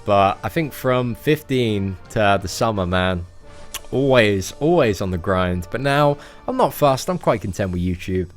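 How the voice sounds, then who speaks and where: Chatty young English man, lively pitch. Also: measured pace, soft background music. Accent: English, fairly posh. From England. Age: 20s. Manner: chatty, answers viewer questions, often says "man". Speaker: live-stream host. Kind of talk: casual live-stream Q&A.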